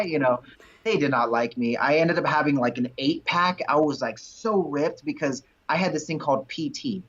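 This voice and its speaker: A man in his thirties, a guest in an interview, telling stories in an animated way and acting out what others said. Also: on the high side, moderate pace. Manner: animated storyteller who acts out quotes. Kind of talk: storytelling in an interview. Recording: dull lo-fi recording.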